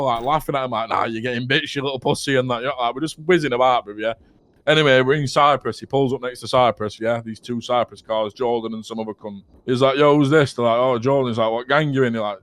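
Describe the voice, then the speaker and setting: A man's voice: medium pitch, no room sound. A young man telling a rambling, sweary story to friends, laughing as he goes. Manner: rambling, swears a lot, keeps laughing at his own story. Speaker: roleplay player telling a story. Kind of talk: casual in-character storytelling.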